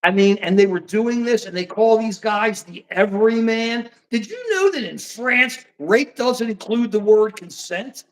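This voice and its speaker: In a heated political livestream chat, an older host rants animatedly about current events, mocking people with put-on voices. He speaks unhurriedly with few pauses, in a voice that sits high.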